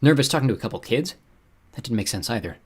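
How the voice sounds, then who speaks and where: A man's voice: medium pitch, animated, fast talker, husky. A man narrating an audiobook, telling the story expressively and voicing its characters. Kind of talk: scripted narration.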